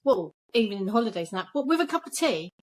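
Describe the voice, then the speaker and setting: A woman's voice: fairly high pitch, very animated, fast. A middle-aged English woman reminiscing in a casual chat, talking in a chatty, blunt way. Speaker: guest.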